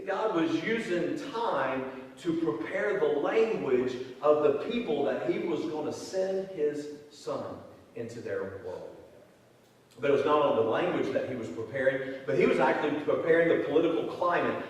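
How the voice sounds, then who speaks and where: Middle-aged man, high-pitched pastor, folksy sermon, picked up from a distance. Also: darkish tone. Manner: folksy, conversational preaching. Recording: echoey hall, distant mic.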